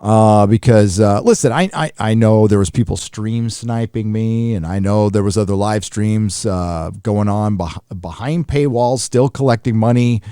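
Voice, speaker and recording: Casual, profane live stream host. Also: male voice, on the low side, a little slow, hardly any pauses, warm tone, smooth, no room sound, clean studio sound. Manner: loose and profane, with many fillers and restarts. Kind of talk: casual live stream chat reading viewer messages.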